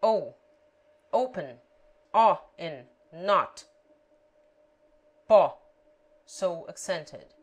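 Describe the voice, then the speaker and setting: A woman's voice: lowish voice, expressive, extremely slow, long pauses. A woman reading a language lesson aloud, spelling out letters and example words one at a time. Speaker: language teacher.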